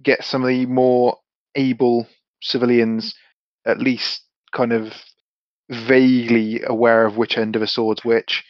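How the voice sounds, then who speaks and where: Man, mid-pitched, relaxed player chat, dry and slightly muffled mic. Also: a little slow, dry recording. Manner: chatty, stumbling restarts, swears. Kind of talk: casual game-table chat.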